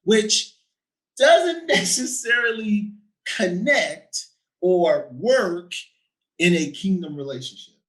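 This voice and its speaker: Animated man, quick "right?" tags. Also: high-pitched, rough recording. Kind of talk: casual conversation.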